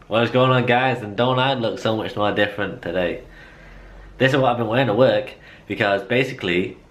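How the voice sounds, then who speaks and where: A man's voice: on the low side, a bit bright, a little hiss or hum. Rambling young man vlogging. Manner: rambling, chatty and self-mocking. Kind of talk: casual vlog chat.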